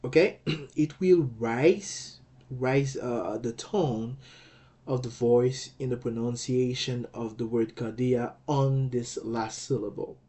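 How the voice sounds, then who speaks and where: A man gives a patient lecture on a language lesson, taking his time. He speaks at a slow, deliberate pace, sounding out words syllable by syllable and pausing to ask "okay?" along the way. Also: medium pitch, steady tone, mellow. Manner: patient, repeats and checks with "okay?". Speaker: language teacher.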